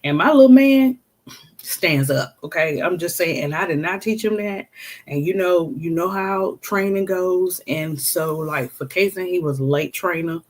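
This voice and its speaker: A woman's voice: fairly low pitch, measured pace. A woman talking casually and earnestly about raising her autistic son, rambling with many fillers like "you know" and "or whatever". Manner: earnest and emphatic. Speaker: parent of an autistic child. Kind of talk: casual personal talk.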